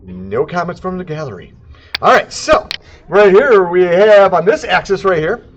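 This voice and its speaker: A man giving a casual, jokey software tutorial, throwing in sound effects and silly asides. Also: high voice, very animated, moderate pace, lo-fi sound, soft background music. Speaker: CAD instructor. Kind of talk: casual screen-recorded tutorial.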